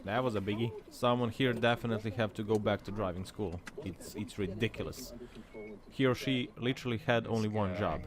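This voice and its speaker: A man, hosting a commentary over car crash clips, laughing often and bursting into loud excited exclamations. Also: lowish voice, a little fast, crowd noise. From Serbia. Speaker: host. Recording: voice-over with clear traffic noise. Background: car and road sounds from the clips.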